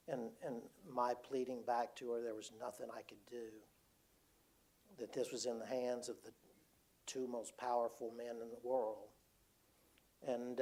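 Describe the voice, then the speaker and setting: An older retired man telling a personal story to an audience, halting and repeating words as he quotes others. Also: mid-range voice, darkish tone. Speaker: speaker. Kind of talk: storytelling talk.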